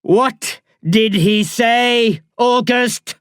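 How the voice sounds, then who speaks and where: A woman's voice: fairly high pitch, clear, resonant tone, no room sound, clean studio sound, pitched above the performer's own voice. Woman reading a cool, menacing crime boss. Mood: cold. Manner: quiet, measured questions.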